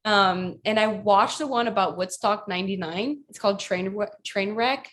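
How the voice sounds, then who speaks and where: A woman's voice: medium pitch, moderate pace, a bit bright. A woman in her twenties, a pro athlete guest, chatting casually with laughs and some hesitation. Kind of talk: casual interview chat.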